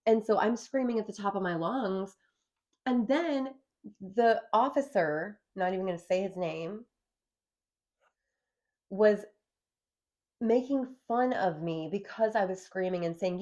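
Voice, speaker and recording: A woman giving an earnest, animated account of her arrest during a conversation. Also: mid-range voice, measured pace, long pauses. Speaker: guest recounting an arrest.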